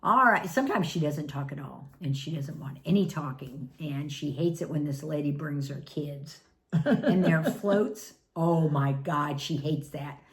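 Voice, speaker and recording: A middle-aged woman with a lowish voice chats casually to the camera as a family caregiver. She laughs often as she tells her stories. Her delivery is relaxed and conversational. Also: a little slow. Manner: chatty, laughs often while telling stories. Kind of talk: casual storytelling vlog.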